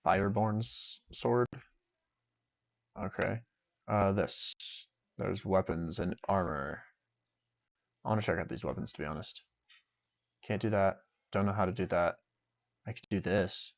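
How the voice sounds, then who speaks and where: Deep-voiced young man casually streaming games. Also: a little slow, creaky, pauses often. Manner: rambling, joking self-talk. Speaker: game streamer. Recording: dull lo-fi sound.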